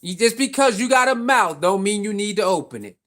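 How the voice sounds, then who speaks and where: This is a sports commentator talking straight to camera in a casual, opinionated vlog. The voice sits at a middling pitch and keeps circling back with rhetorical questions and repeated points. The speech is loose and slangy throughout. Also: animated, a little fast, a bit bright.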